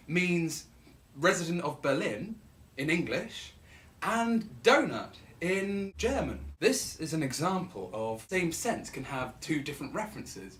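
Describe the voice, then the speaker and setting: A man's voice: a little high, very animated, measured pace, a bit bright. A young man casually explaining a philosophy idea on his vlog, playful and rambling, repeating words for effect.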